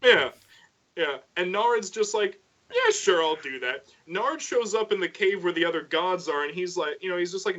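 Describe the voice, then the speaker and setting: A man on a casual podcast stream, retelling a myth in lively detail and briefly voicing the characters as he goes. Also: sits high, unhurried. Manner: animated storyteller, voices characters in passing. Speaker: co-host. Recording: dull lo-fi sound.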